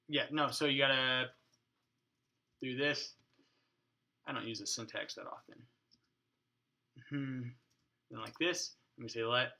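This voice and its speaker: A man's voice: mid-range voice, steady tone, a little slow, pauses often, pushed and bright. A man hosting a casual coding tutorial at his home desk, thinking aloud, muttering to his code and joking with mild swearing. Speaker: programming tutorial host. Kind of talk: casual screencast coding walkthrough.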